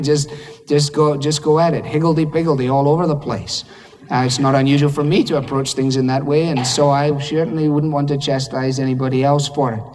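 A man's voice: a little high, a little mellow, long reverb tail. A man with a Scottish accent preaching a sermon in a conversational, humorous way, acting out little dialogues. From Scotland.

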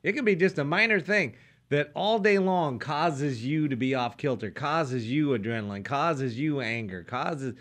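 Calm explaining male pastor. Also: a little high, moderate pace. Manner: calm, explanatory, draws out lessons. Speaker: pastor, co-host. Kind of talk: faith talk show discussion.

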